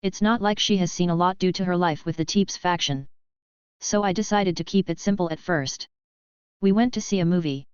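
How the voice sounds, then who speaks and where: A woman narrating a web novel audiobook in an even, steady reading voice. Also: fairly low pitch, a little fast, clean tone, dry recording, lo-fi sound.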